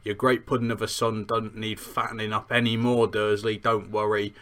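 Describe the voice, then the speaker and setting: Brief: man doing a blustering, protective half-giant, rough dropped-consonant slang, louder than his usual voice. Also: medium pitch, animated, unhurried, natural voice. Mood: scornful.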